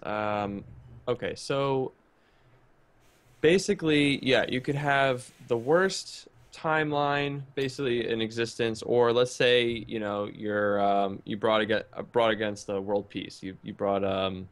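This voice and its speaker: A man's voice: medium pitch, fairly even intonation, unhurried, smooth. A man co-hosting a podcast, explaining an idea in a meandering way with many fillers and restarts. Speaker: podcast co-host. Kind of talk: casual chat.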